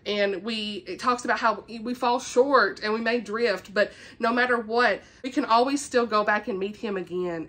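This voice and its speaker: A woman's voice: fairly high pitch, normal speed, few pauses, fairly bright tone. A woman book vlogger chatting casually and enthusiastically about what she is reading. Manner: gushing, enthusiastic, with filler likes. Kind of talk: casual book chat with a read-aloud passage.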